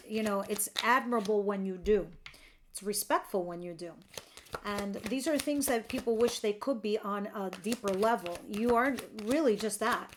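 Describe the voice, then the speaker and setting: A woman talks through a tarot reading in a relaxed, chatty way. She is candid and quick to laugh, and she drops in the occasional casual curse. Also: medium pitch, noisy background. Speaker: tarot reader.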